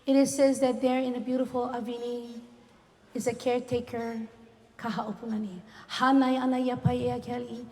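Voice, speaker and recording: A woman's voice: a little high, flat delivery, normal speed, long reverb tail. A woman with a Hawaiian Pidgin-inflected accent, a cultural storyteller speaking earnestly at a community reunion and weaving Hawaiian words into her talk. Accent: Hawaiian Pidgin-inflected English. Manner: earnest, warm-hearted, sprinkles Hawaiian words.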